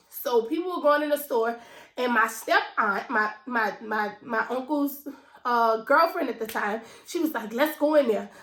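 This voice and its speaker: Her voice is high-pitched and a bit bright as she, a thirty-something finance vlogger from New Orleans, USA, opens up to viewers about a personal story. She speaks in an emotional, conversational manner with a New Orleans accent, in an echoey room.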